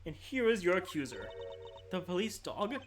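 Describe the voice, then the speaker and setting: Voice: medium pitch, big pitch swings, a little hiss or hum, natural voice. A streamer doing a poised, formal male prosecutor. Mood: stern, probing. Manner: measured, formal, pointed questioning. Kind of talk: reading a video game's dialogue aloud on stream.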